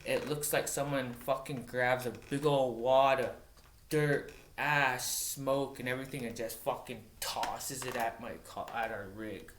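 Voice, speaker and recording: A man, a wildland firefighter from Montana, telling a story in a casual, profane way, halting and restarting often. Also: mid-range voice, fairly even intonation, fairly bright tone, a little hiss or hum. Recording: roomy echoey recording.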